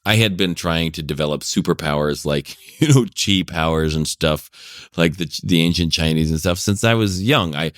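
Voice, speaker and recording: A deep-voiced middle-aged man talks casually, wandering through long stories and chuckling between thoughts. The sound is dry and close, with no room around it. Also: normal speed, fairly bright tone, dry recording. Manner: rambling storyteller, chuckles often. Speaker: podcast guest, parenting coach. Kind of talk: casual chat.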